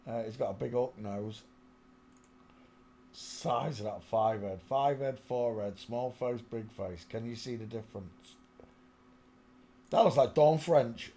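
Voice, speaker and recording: A man talks half to himself as he browses pictures for his channel. His voice sits at an ordinary middle pitch, and he hums bits of song between remarks. He is close on a small microphone over a faint hiss. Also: takes it slowly, long pauses, warm tone. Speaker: channel host. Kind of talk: casual commentary while browsing photos. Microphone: small desk microphone close in front.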